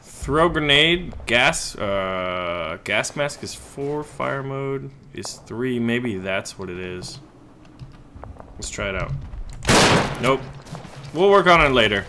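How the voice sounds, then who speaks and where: A man giving excitable let's play commentary while playing a shooter game, often swearing and shouting at the action. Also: mid-range voice, slow, slight background noise. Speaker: gaming YouTuber. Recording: loud game gunfire behind voice. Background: game gunfire and explosions.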